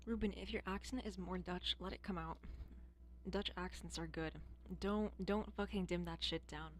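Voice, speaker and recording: A woman's voice: lowish voice, fairly even intonation, moderate pace, slight background noise. An American woman chatting casually as a streamer, blunt and profane, rambling and musing aloud. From United States. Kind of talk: casual chat.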